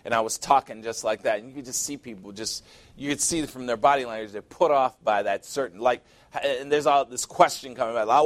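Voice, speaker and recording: Emphatic preacher delivering a sermon. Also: male voice, mid-range voice, no room sound. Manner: emphatic, deliberate, repeating phrases for effect. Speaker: pastor.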